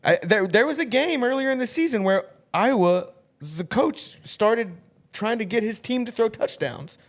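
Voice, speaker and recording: A young man chats about college football with his co-host in a relaxed, halting way. His voice sits a little high, and he often stops and restarts his thoughts. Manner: laid-back, hesitant, restarts sentences. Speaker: podcast co-host. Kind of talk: casual sports chat.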